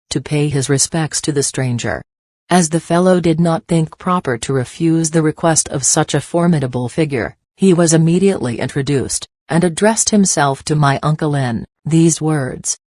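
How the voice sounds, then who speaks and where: A man reading a classic novel aloud as audiobook narration, in a measured, deliberate way. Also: on the high side, darkish tone, dry recording, clean studio sound. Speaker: audiobook reader.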